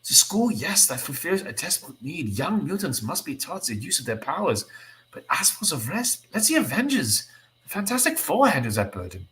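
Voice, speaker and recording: Brief: man reading a bitter, tired comic-book mutant man, mid-pitched, impassioned. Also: expressive, normal speed, a bit bright, a little hiss or hum, close to an everyday voice, low-quality recording. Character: weary, disillusioned male mutant teammate.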